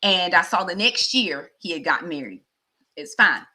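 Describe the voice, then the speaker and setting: A middle-aged woman vlogger telling a personal story in a chatty, animated way. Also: fairly low pitch, normal speed. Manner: chatty, animated, acts out dialogue.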